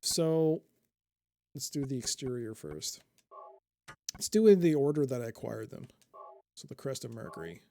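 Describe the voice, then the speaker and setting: A man streaming a game live, thinking out loud in a chatty way and reading item descriptions aloud. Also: medium pitch, very animated, normal speed, vocal fry, long pauses. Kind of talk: casual live game commentary.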